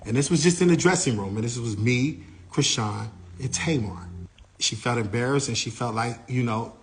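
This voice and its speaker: A man's voice: mid-range voice, moderate pace. A man, a tour manager, recounting an incident and acting out what each person said. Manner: animated retelling, acting out others' lines.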